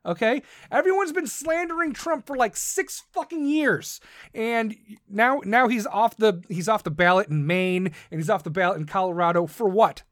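A man's voice: high-pitched, expressive, moderate pace, fairly bright tone, dry recording, studio quality. A man hosting a podcast, ranting in a profane, combative and sarcastic way. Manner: mocks others in put-on voices. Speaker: podcast host. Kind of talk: ranting monologue.

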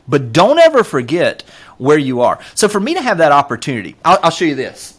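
A man with a Southern US accent tells his story in casual interview chat. His pitch rises and falls widely as he gets going. He talks earnestly and keeps stopping to say um and you know. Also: fairly quick, slightly rough. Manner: earnest, animated storyteller with many fillers. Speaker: podcast guest.

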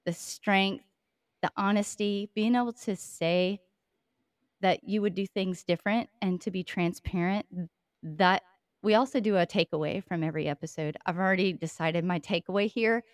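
A woman's voice: mid-range voice, moderate pace, no room sound, studio quality. A woman hosting a podcast interview, speaking in an effusive, affirming way. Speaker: podcast host.

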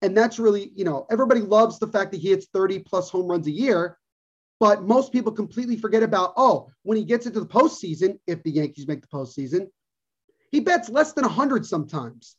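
A male podcast co-host with a high-pitched, breathy-edged voice goes on an animated sports rant, speaking a little fast. His casual, opinionated points get repeated for stress, and the sound is dull and lo-fi.

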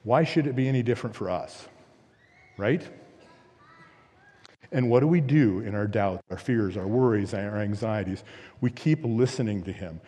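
A man's voice: lowish voice, moderate pace, long pauses, dark tone. A man preaching a sermon as pastor, earnest and emphatic, with repeated phrases and rhetorical questions. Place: church sanctuary. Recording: long reverb of a church hall.

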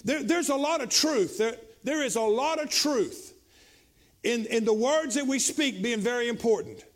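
A male pastor, preaching a sermon with frequent repetitions and stretches that build into shouting. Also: very high-pitched, animated, moderate pace.

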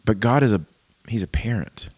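Deep-voiced man telling a heartfelt story. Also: moderate pace, husky, dry recording. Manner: storytelling, acts out dialogue softly. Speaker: pastor. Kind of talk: casual podcast chat.

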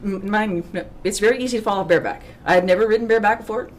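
A middle-aged woman on a podcast telling lively stories, acting out the voices of the people in them, with folksy slang and a sarcastic streak. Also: medium pitch, very fast, slight background noise. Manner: self-described sarcastic. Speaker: podcast guest. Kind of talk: animated storytelling.

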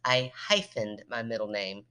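A woman in her thirties co-hosting a podcast, chatting casually and telling stories in an animated way. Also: extremely low pitch, unhurried, smooth. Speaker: podcast co-host. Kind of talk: casual chat.

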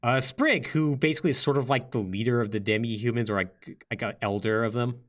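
A man's voice: mid-range voice, fairly quick. A young man co-hosting a casual podcast, talking loosely with fillers and short laughs. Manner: lively, rambling with fillers and laughs. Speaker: podcast co-host. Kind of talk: casual chat.

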